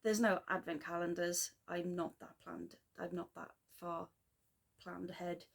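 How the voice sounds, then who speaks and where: A woman chatting casually in a craft vlog, rambling and self-deprecating with quick asides. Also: fairly low pitch, completely flat delivery, gravelly. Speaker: flosstube vlogger. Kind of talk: casual chat.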